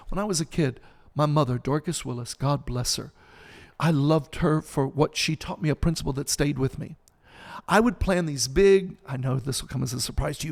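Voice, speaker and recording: A man's voice: a little high, gravelly, long reverb tail. A man in his sixties, a pastor, preaching with passion on a podcast and building emphasis through repetition. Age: 60s. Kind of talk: sermon-style podcast talk.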